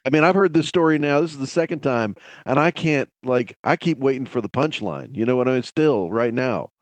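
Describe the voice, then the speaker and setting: A man's voice: mid-range voice, fairly quick. A man hosting a conversational interview, eager and jumping in with questions and comments.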